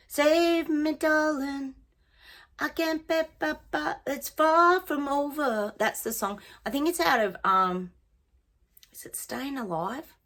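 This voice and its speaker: A gravelly, husky woman with a mid-range voice chats casually as a psychic talking to her viewers in a reading monologue. She breaks into snippets of songs and lets her musings trail off.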